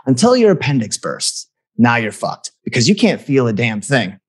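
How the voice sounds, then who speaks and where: A man's voice: medium pitch, very animated, normal speed, breathy edge. A man talking as a guest in an earnest, reflective conversation, restarting phrases as he thinks aloud.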